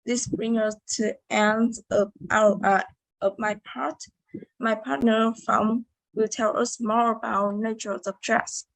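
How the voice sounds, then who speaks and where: A young woman giving a halting class presentation as a student. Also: a little high, fairly even intonation, gravelly, dry recording, low-quality recording. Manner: slow, halting, with fillers. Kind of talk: class presentation on English word stress.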